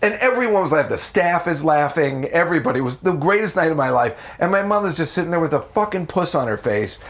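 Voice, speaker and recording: A man from the United States, a comedian telling stories in a casual interview, animated and profane. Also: fast. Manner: animated, profane, jumps into high voices for quotes. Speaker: comedian guest.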